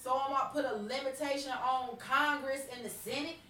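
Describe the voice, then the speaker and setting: A woman's voice: sits high, fairly even intonation, brisk, sharp tone, recorded from a distance. A woman co-hosting a podcast, ranting about politics in a blunt, heated way and cursing freely. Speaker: podcast co-host. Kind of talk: profane political rant. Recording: echoey room, voice set back from the mic.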